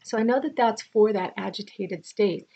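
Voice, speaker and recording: Tired middle-aged woman vlogger, chatty and rambling, gravelly voice, dull lo-fi audio. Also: medium pitch, moderate pace, warm tone. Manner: chatty, rambling, with restarts and asides. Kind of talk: casual personal storytelling to camera.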